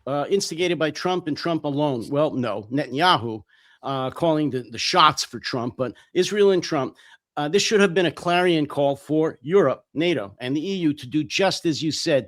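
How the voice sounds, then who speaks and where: Angry blunt man, hoarse. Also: fairly high pitch, a bit bright, no echo, studio quality. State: voice worn out. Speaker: co-host. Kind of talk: heated political commentary.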